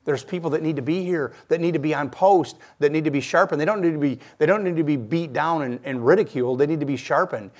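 A man preaching to a congregation as a visiting speaker. He tells a personal story with lots of animation. His voice sinks quiet and then builds up loud. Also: a little high, quick pace, few pauses. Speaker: guest preacher. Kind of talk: sermon with personal testimony.

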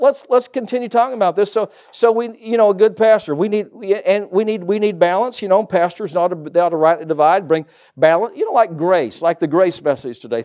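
A man's voice: high voice, a little mellow. Folksy male pastor preaching. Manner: folksy, joking asides to the congregation. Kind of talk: sermon.

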